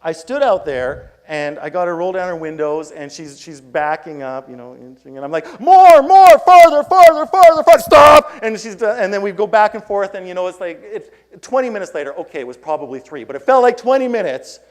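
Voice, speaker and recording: Before an audience in a conference hall, a man gives a keynote talk, telling a story and acting out his own lines in a raised voice. His voice is a little high, and he speaks in an animated, brisk way with hardly any pauses.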